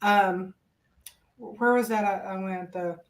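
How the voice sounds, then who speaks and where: A woman's voice: medium pitch, steady tone, takes it slowly. Rambling woman in casual chat. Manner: rambling, hesitant, many fillers. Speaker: podcast co-host.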